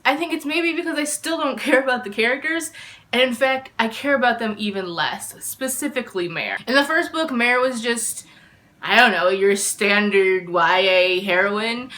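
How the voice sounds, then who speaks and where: Bright-voiced woman ranting about a book she didn't like, exasperated, casual vlog talk. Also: on the high side. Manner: exasperated, opinionated critique. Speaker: book reviewer.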